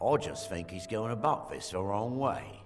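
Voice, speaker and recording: An actor playing a sly male dark elf tavern keeper in a game, talking in a put-on Cockney-style British accent with a knowing, teasing delivery. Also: on the low side, animated, moderate pace, close to an everyday voice. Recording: game audio with long reverb and faint music.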